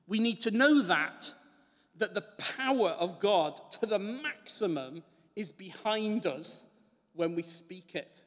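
A man teaching the Bible in an animated way, laughing often and acting out the voices he quotes. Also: sits high. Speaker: preacher. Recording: long hall reverb.

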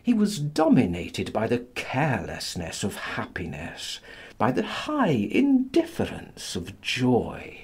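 A man narrating a classic novel as an audiobook in a dramatic, expressive manner. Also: medium pitch, takes it slowly, slightly rough.

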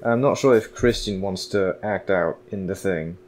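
A young man chatting with friends, quick to interrupt and object. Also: sits low, over a noisy crowd. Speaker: co-host friend. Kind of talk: casual group chat.

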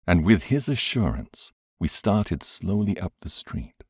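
A man reading an audiobook aloud in a measured, expressive way. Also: deep voice, breathy edge, no echo, studio quality. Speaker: audiobook reader. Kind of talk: scripted audiobook narration.

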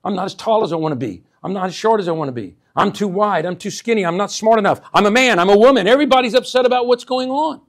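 A man preaching a sermon, calling out "amen?" to his church and swinging between hushed asides and loud emphatic bursts. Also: high voice, expressive, fast, hardly any pauses. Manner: call-and-response, repeats 'amen?' to the congregation. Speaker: pastor.

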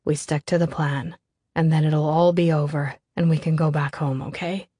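A woman voicing a calm, protective male lover who speaks in a firm, reassuring way in an audiobook. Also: low-pitched, moderate pace, breathy edge, no echo.

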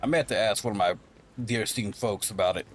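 A man's voice: fairly low pitch, fast talker, soft background music. A man commentating casually over a game he is playing, rambling and thinking aloud. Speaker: gameplay streamer.

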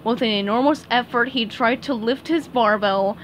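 A woman reading a children's picture book aloud, expressive and clear. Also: a little high, normal speed, few pauses, slight background noise. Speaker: storybook reader.

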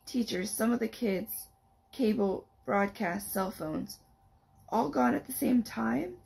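A woman reading a clever, measured teen girl. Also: fairly high pitch, creaky, a little mellow, husky, full character voice, low-quality recording. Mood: thoughtful. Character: clever young teen girl, calm analyst.

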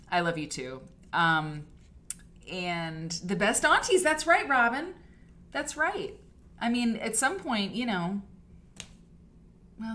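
A woman's voice: lowish voice, pushed and bright. Gushing chatty woman hosting a live stream. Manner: rambling with many fillers and restarts. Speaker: host of a live quilting stream. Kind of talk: casual live-stream chat. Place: home studio. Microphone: desk mic for a live stream.

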